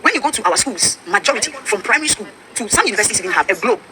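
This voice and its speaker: A woman's voice: mid-range voice, lively intonation, rapid-fire, a crowd in the background. A Ghanaian woman pastor with a Ghanaian accent, preaching emphatically and mixing English with Twi. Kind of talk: preaching talk-show discussion.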